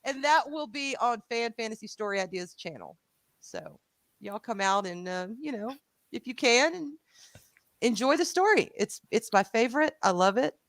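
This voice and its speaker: A woman with a Southern US accent co-hosting a live show in casual, animated chat, swearing freely. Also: a little high, moderate pace, no room sound.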